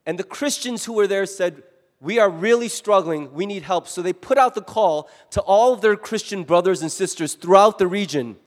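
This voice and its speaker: Male pastor, sermon, high voice, animated delivery, long hall reverb. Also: moderate pace. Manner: animated, acts out quoted voices.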